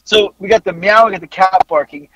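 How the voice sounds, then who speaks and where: A podcast host with a voice that sits high talks a little fast, telling a story in casual chat. He's animated and profane, swearing freely and breaking into laughter throughout. The recording is low quality with no room sound.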